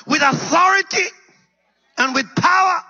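Man preaching, high and bright, gravelly edge, dull lo-fi recording. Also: slow pace. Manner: animated, swinging from loud shouts to low murmurs; calls out to the congregation. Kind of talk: sermon.

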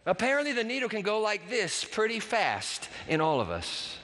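A man's voice: high voice, big pitch swings, a little slow, few pauses, bright, forceful tone, big-room sound. A man preaching a sermon as pastor, with dramatic, emphatic delivery and big swings in his voice.

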